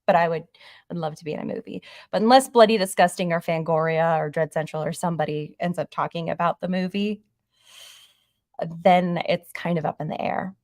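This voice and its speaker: A woman hosting a horror channel in a casual livestream, talking in an excitable, rambling way. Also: fairly low pitch, fairly quick, no room sound, studio quality.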